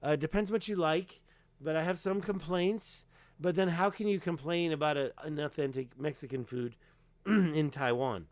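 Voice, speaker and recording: A man's voice: on the high side, normal speed, no room sound. A man hosting a casual livestream, talking emphatically and rambling with lots of fillers while clicking through pages. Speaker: livestream host.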